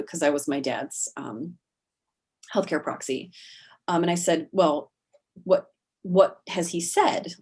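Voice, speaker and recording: A woman telling her own story as an interview guest on a video call, halting, with many fillers and restarts. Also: low voice, a little mellow, husky. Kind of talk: personal account in an interview.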